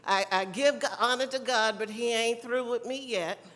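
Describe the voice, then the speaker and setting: A woman's voice: fairly high pitch, normal speed, fairly bright tone, a little hiss or hum. A woman from South Carolina with a Southern accent, giving a folksy, teasing convention speech and calling out to the crowd. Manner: chatty, teasing, calls out to the crowd. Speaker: convention speaker. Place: large convention hall. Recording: long hall reverb.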